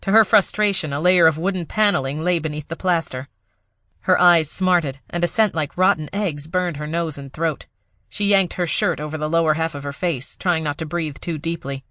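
A woman narrating an audiobook in a steady, measured way. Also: low-pitched, no echo, clean studio sound. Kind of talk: scripted narration.

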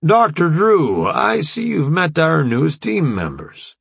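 A man's voice: a little high, huge pitch swings, slow pace, vocal fry, breathy edge, dry recording, pitched above the performer's own voice, full character voice. A man voicing a formal, commanding army general.

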